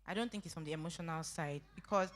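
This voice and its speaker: Lower-voiced woman with a measured manner. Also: soft background music. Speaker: meeting participant asking a question. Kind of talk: church youth meeting.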